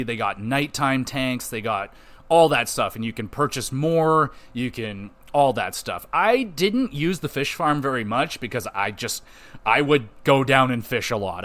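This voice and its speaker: A man's voice: mid-range voice, fairly bright tone. A man hosting a podcast, giving a loose, rambling spoken game review with casual swearing and lots of fillers.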